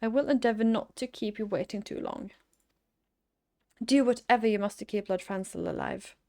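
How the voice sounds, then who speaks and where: A woman voicing a stern older noble lord in a fantasy game, reading his lines in a formal, measured way. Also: medium pitch, gravelly, darkish tone, natural voice. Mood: urgent.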